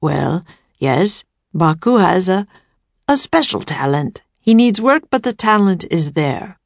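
A gentle, wise old poet with a calm, measured way of speaking, as a woman reader puts him on. The voice is lowish and dry, recorded close. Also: creaky, dry recording, exaggerated voice.

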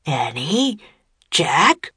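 A woman voicing a huge, gruff, one-eyed bearded wizard who speaks slowly and scornfully in a storybook reading. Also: fairly bright tone, dry recording, studio quality, heavily acted. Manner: booming and slow.

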